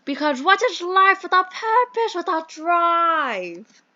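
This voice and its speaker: Lady doing a fussy posh brit gent voice, pompous and flowery, high pitched. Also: very animated, slow pace, pushed and bright, dull audio, full character voice. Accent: put-on British. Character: fussy old-fashioned British gentleman, a phone box employer. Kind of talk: voicing a dating sim playthrough.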